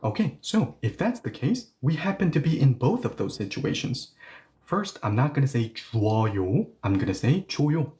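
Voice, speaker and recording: A man's voice: lowish voice, darkish tone. A man teaching an online language lesson, explaining step by step and often checking in with "right?".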